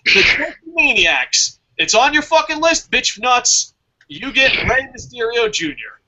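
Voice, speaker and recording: A man's voice: very high-pitched, sing-song, slow pace, sharp tone, dull audio. A man hosting a fantasy wrestling draft show, talking in a casual, profane way and laughing at his own jokes.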